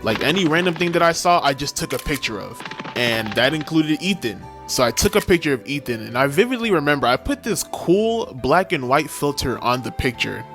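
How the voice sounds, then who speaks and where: A man's voice: fairly high pitch, very animated, brisk, fairly bright tone. A young man in his twenties telling a funny childhood story in a slangy, emphatic way, with music behind him. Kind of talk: storytime vlog. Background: background music.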